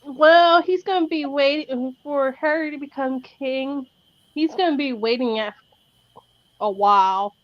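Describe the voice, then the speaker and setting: A woman's voice: high-pitched, a little slow, no echo, muffled recording. A woman in casual chat, gossipy, telling anecdotes with giggles.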